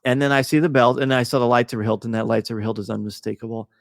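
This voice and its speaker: Excitable man hosting a podcast. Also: medium pitch, very fast, creaky, dry recording, clean studio sound, big-room sound. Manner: excitable, gushing storyteller. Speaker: podcast host. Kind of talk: casual podcast discussion.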